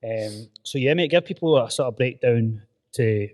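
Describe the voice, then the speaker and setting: A Scottish man hosts a casual podcast, upbeat and chatty. His voice sits at an ordinary middle pitch. He keeps the tone friendly and informal, calling his guest "mate". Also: expressive, moderate pace, a little mellow. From Scotland. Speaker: podcast host. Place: gym.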